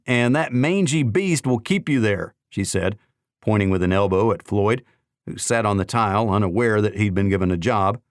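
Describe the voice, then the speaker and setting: A man narrating a novel in the first person in a measured, even storytelling manner. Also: deep voice, no room sound, clean studio sound. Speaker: audiobook narrator.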